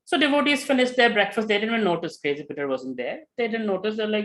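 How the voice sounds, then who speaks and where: A man giving a spiritual talk, telling a story with lively retellings and many fillers. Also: sits high, quick pace, hardly any pauses, low-quality recording. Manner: animated, with many fillers and acted quotes. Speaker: spiritual teacher.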